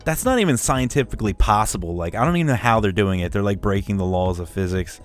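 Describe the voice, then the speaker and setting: A man hosting a radio show, chatting casually in an animated, jokey way and laughing often. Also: on the low side, fast, soft background music.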